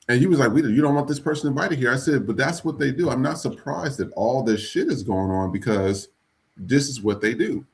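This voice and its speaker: A man hosting a live podcast, talking bluntly and profanely in a rambling, casual way with many restarts. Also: lowish voice. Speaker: podcast host.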